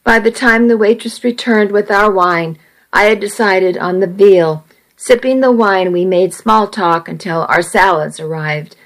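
A woman reading a first-person story aloud, slowly, evenly and carefully. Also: medium pitch, rough recording. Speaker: narrator.

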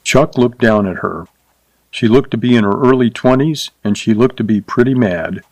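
A man narrating a short story in a measured, even reading voice. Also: mid-range voice, no echo.

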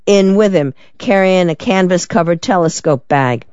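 An audiobook reader voicing a terse, hurried male anonymous tipster. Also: medium pitch, darkish tone, smooth, no echo, muffled recording, close to an everyday voice. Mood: curt. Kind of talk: audiobook character reading.

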